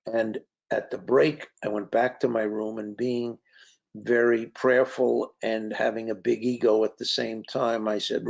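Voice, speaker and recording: A gravelly-voiced man speaks in an easy, anecdotal way, with plenty of fillers and restarts as he tells stories to his listeners. The sound is dull and lo-fi, and his pitch sits in a middle range for a man. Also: flat delivery, moderate pace. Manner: conversational, anecdotal, with frequent fillers. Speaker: author and speaker. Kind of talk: storytelling talk. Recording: dull lo-fi recording.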